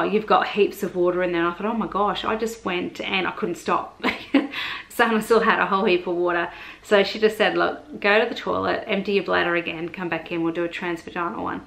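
A woman's voice: lowish voice, pushed and bright, low-quality recording. Chatty woman, rambling update. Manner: chatty, rambling, lots of fillers and retold dialogue. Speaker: vlogger. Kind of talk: casual pregnancy update vlog.

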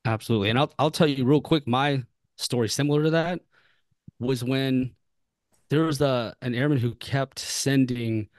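A man's voice: medium pitch, normal speed, dry recording, studio quality. A man appearing as a guest on a podcast, talking earnestly and explaining his point with repeated emphasis. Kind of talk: conversational advice.

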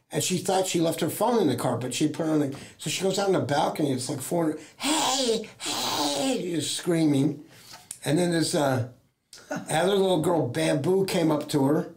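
Speaking at a normal speed, this middle-aged American talent agent has a fairly high, slightly mellow voice. As an interview guest he chats casually, wandering through anecdotes, performing other people's lines, and filling gaps with plenty of fillers.

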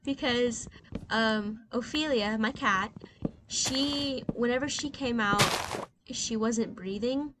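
This woman's voice sits on the high side and moves slowly as she, a gaming host in her twenties, chats through a video game with plenty of fillers. She turns soft and reflective, then bursts out loudly in excitement, over clear keyboard and mouse noise.

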